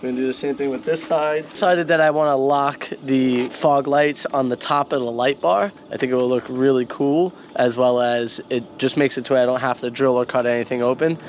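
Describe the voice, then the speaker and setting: A man's voice: mid-range voice, steady tone, a little fast, hardly any pauses, slight background noise. A man with a New York accent, a van life vlogger, casually explaining a hands-on install outdoors. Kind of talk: casual how-to narration. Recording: music playing behind voice.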